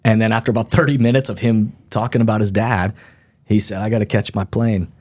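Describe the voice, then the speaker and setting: Man, middle-aged, low voice, animated storyteller, casual interview guest. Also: brisk. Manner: animated storyteller, acts out quoted people. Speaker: author and guest.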